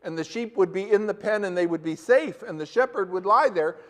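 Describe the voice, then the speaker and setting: Guy preaching in church, pretty high voice, chatty, keeps asking the crowd stuff, long echo off the hall. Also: brisk. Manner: conversational, asks the congregation questions. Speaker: pastor. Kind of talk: sermon.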